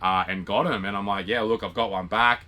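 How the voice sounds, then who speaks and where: A young Australian man casually telling a story, acting out the dialogue with lively, animated quoting. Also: lowish voice, fairly quick. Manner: animated retelling with quoted dialogue and laughs. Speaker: vlog co-host.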